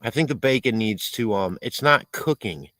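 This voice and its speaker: A man's voice: medium pitch, animated, moderate pace, bright, forceful tone, dry recording, poor audio. A man hosting a casual live stream outdoors while cooking, rambling, swearing and reading chat messages aloud. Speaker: livestream host. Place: outdoors in a rural area.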